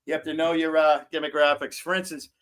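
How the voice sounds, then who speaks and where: Stream host, male, rambling and giggly, a touch high in pitch. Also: little pitch movement, fast, a bit bright. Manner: rambling, joking, loose and giggly. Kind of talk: casual live-stream chat.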